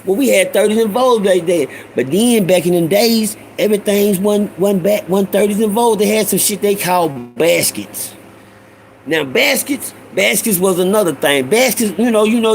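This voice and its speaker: Over a faint ambient hiss and poor audio, a middle-aged man from Houston, Texas spins casual street stories for his listeners. He hosts in a high, gravelly voice, loose and animated, using profane street slang and saying y'all.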